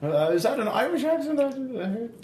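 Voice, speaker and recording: A man's voice: big pitch swings, brisk, darkish tone. A man voicing an eccentric, flighty young male painter in a tabletop game, giddy and smug. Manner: giddy, high-pitched, smug. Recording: echoey room, background noise.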